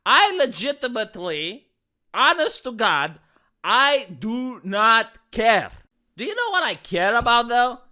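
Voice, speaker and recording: A man with a high, bright, sharp voice rants in a commentary vlog. He mocks his targets in a theatrical, grandiose way, thick with sarcasm. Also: sing-song, takes it slowly. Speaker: YouTube commentator.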